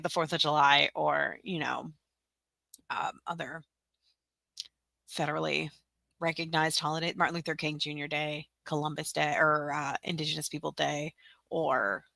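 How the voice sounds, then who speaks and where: Chatty animated woman streaming tutorial. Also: deep voice, vocal fry, no echo. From Tennessee, USA. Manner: chatty and giggly, rambling with fillers. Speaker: livestream host. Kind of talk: casual livestream tutorial.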